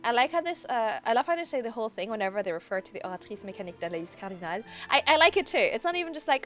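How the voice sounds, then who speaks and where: A woman's voice: fairly high pitch, big pitch swings, rapid-fire, few pauses, a bit bright, faint music behind. A woman streamer whose first language is French, chatting casually and rambling over a game she is playing. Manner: chatty, rambling, laughs easily. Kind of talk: casual gameplay commentary.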